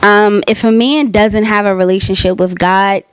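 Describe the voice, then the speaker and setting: A woman's voice: mid-range voice, fairly even intonation, normal speed, a little hiss or hum. A bubbly young woman answers her own interview questions in a loose, chatty way. She is an aspiring talk show host and fills her speech with "like" and "um". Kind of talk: casual self-interview answers.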